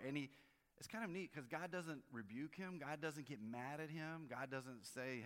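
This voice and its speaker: A man preaching a sermon in a relaxed, conversational way, often restarting his phrases. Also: on the high side, moderate pace. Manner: conversational, with frequent restarts and varied emphasis. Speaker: pastor. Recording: long hall reverb.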